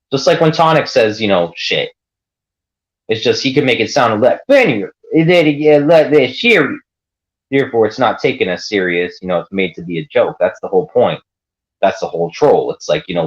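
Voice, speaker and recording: A man holds forth on a livestream in a rambling rant, full of swearing and defiance. His voice sits a bit low, and he talks in loose, run-on stretches. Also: highs cut off.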